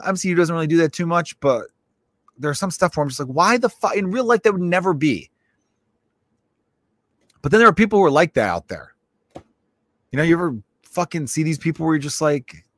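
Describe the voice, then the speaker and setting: A man's voice: mid-range voice, no echo. A young man, a stand-up comedian, talking loosely and profanely in a casual solo podcast monologue, often restarting his sentences.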